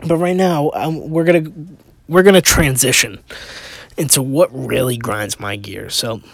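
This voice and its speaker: A man's voice: medium pitch, unhurried, creaky, no echo. A man hosting a casual opinion podcast, rambling with restarts and rhetorical questions, sounding exasperated. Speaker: podcast host.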